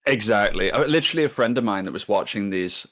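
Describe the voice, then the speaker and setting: A man's voice: on the low side, lively intonation, fast, a bit bright. A man who writes the series, talking in a laid-back, plainspoken way during a casual commentary chat.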